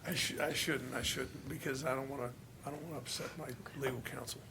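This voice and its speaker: A male county commissioner speaking at a public hearing, frustrated and halting, with many restarts. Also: medium pitch, steady tone, creaky, background noise. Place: hearing room.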